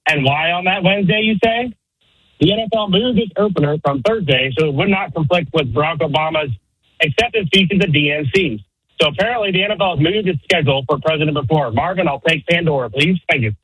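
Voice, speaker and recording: Higher-voiced husky trivia caller. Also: male voice, fast talker, fairly bright tone, no room sound, poor audio. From Ohio, US. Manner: chatty, playful trivia delivery. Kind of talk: caller reading a stat.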